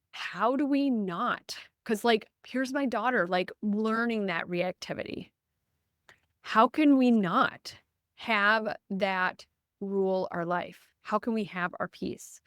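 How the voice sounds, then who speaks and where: A woman's voice: medium pitch, no echo, clean studio sound. A woman in her thirties hosting a solo podcast, speaking earnestly and personally, with frequent restarts and fillers. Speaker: podcast host and business coach. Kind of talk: candid solo podcast talk.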